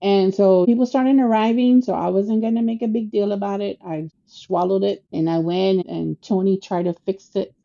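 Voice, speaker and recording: A woman casually telling family stories on a podcast, animated and acting out the people she quotes, with Spanish words mixed in. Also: mid-range voice, moderate pace, gravelly, few pauses, highs cut off. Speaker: podcast co-host sharing family memories. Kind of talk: casual storytelling.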